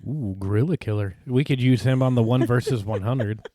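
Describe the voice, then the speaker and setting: A man's voice: medium pitch, moderate pace, dark tone, no room sound. A man co-hosting a casual podcast, dropping dry joking asides. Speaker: podcast co-host.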